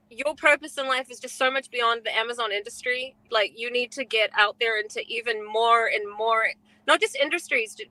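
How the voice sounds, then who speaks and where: A woman co-host chats warmly in a gushing, effusive way, piling on praise and fillers. Her voice is bright and forceful and sits a little high, recorded dry and close with no room around it. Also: no echo, rough recording. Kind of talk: casual podcast chat.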